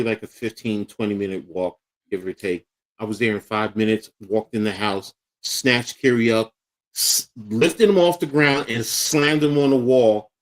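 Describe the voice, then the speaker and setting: A middle-aged man with a Philadelphia accent tells family stories on a casual talk show. He slips into the voices of the people in them as he goes. His voice sits at an ordinary pitch for a man. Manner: animated storyteller acting out quotes. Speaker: podcast co-host. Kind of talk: casual storytelling chat.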